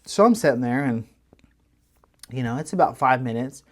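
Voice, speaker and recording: A man's voice: mid-range voice, moderate pace. Chatty man telling a story. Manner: animated storytelling with many restarts. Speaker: podcast co-host. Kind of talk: casual chat.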